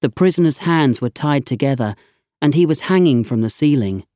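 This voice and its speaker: A narrator reading a storybook aloud in a measured, scripted way. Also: mid-range voice, expressive, mellow, no echo, studio quality.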